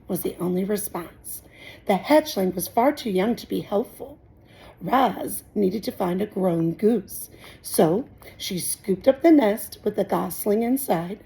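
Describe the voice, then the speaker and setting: Gravelly woman reading a children's book. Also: medium pitch, warm tone, poor audio. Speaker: teacher reading aloud. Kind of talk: children's book read-aloud.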